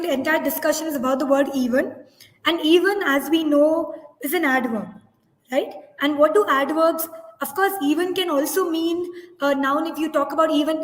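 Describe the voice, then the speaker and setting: A woman with a high voice leads a teachers' webinar online, walking through answers step by step and correcting herself as she talks. Her voice carries a long reverb in an echoey room. She talks into a computer mic. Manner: explanatory, reads out poll results, self-corrects.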